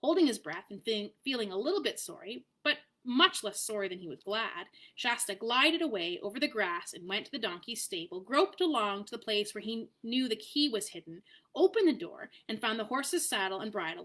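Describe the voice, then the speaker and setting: A woman reading a children's chapter book aloud at home in a clear, even storytelling manner. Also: on the high side, a little fast. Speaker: narrator reading aloud to family.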